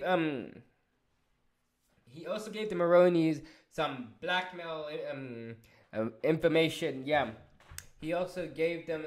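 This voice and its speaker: A man recapping a show episode in a casual review, excitable and swearing, with many restarts and fillers. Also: on the high side. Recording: roomy echo.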